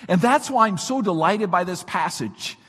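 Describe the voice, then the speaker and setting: A man preaching a sermon, his voice weak this morning, swinging from shouts to near-whispers. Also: sits high, expressive, unhurried, husky, big-room sound. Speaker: pastor.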